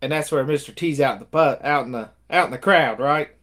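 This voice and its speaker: Brisk and fairly high-pitched, a man co-hosting a podcast runs through a casual movie review, animatedly retelling scenes and acting out the lines with laughter.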